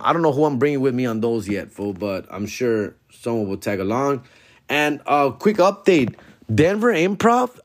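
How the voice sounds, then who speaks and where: A man's voice: medium pitch, no echo. A man, a comedian hosting his own podcast, chatting casually in a laid-back, profane, slang-heavy way into a close mic. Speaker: stand-up comedian and podcast host. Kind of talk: casual solo podcast chat.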